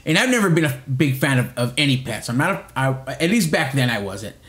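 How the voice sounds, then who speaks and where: A man's voice: medium pitch, sing-song, fairly quick, fairly bright tone, roomy sound. A middle-aged man co-hosting a podcast, telling a long rambling story in casual chat with lots of restarts and swearing. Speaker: podcast co-host.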